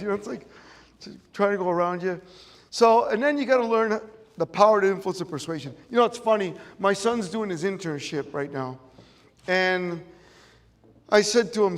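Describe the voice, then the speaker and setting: A man's voice: high voice, moderate pace. Middle-aged chicago guy, motivational talk, hammers the same lines, reverb trailing off the walls. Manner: emphatic, repeats key phrases. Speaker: motivational speaker. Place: event room with audience. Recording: long reverb of a large room.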